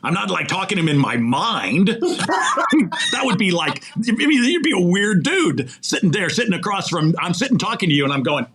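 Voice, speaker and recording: A man, a sports executive recruiter and podcast guest, talking in a preachy, animated way about faith and asking rhetorical questions. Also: sits high, normal speed, heavy background noise. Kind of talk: faith-centered motivational conversation.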